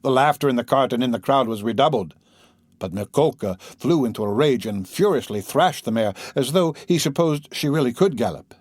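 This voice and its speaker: A man narrating a classic novel as an audiobook in an expressive storytelling manner. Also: medium pitch, a little fast, slightly rough, no echo, studio quality.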